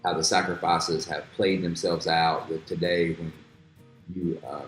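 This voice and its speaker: Deep-voiced man interviewing, roomy sound. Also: level tone, unhurried. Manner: friendly, rambling with fillers. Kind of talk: casual interview. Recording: roomy echo with faint music.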